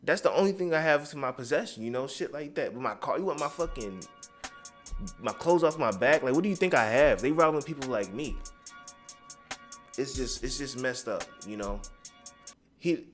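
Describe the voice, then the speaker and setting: Fired-up man ranting. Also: mid-range voice. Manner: rambling, profane, keeps straying off script. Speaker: commentary vlogger. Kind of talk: heated street commentary.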